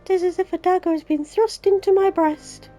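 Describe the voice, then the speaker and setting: A Yorkshire woman putting on a higher voice to read a grieving young woman leader's lines in a mock-solemn way. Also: steady tone, moderate pace, mellow, soft background music. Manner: mock-solemn, archaic-sounding reading.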